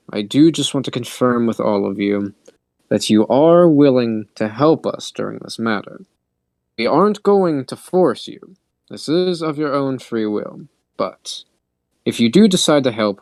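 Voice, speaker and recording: A man voicing Stern, a cautious, formal male human leader in a tabletop game, speaking in a measured way. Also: medium pitch, expressive, gravelly, a little mellow, dry recording.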